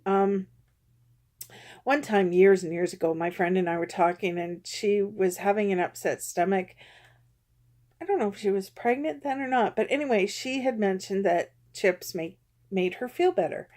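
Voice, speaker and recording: A woman's voice: medium pitch, normal speed, warm tone. A woman vlogger talking candidly and self-critically to her camera, rambling with frequent ums. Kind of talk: candid confessional vlog.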